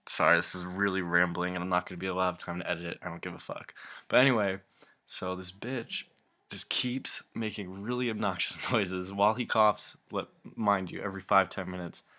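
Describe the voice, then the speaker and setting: A man's voice: low-pitched, little pitch movement, fairly quick, pushed and bright. A young man ranting casually to camera, rambling and exasperated, swearing a lot and often breaking into laughter. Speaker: vlogger.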